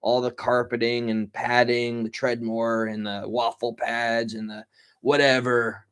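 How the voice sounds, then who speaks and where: A man's voice: mid-range voice, flat delivery, a little slow, a bit bright, clear, resonant tone. A man in his thirties, sleep-deprived, telling rambling casual stories with many restarts. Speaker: vlogger. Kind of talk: casual storytelling monologue.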